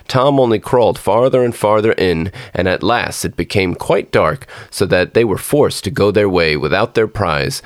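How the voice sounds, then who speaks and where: Low-voiced man reading fairy tales. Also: no echo, clean studio sound. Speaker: podcast storyteller. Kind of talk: scripted storybook narration.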